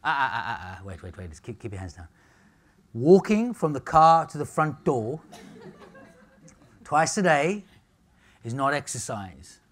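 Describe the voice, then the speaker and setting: A man's voice: medium pitch, big pitch swings, unhurried, long pauses, a bit bright. A man with an Australian accent giving a live health seminar, blunt and jokey, swearing casually. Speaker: nutrition speaker. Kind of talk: live seminar talk to an audience.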